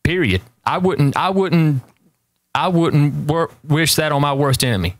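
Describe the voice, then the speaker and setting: Rambling host, dry sound. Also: male voice, on the high side, expressive, a little slow, dry recording. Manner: rambling, emphatic, repeats warnings for effect. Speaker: talk show host. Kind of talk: casual storytelling chat.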